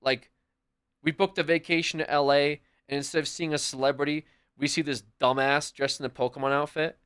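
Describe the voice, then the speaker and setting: A man in the middle of a long livestream chats loosely with his viewers, swearing freely and piling up "like"s. His voice sits a bit higher than most men's, and his delivery is animated and rambling. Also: a little fast, clean tone. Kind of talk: casual chat with viewers.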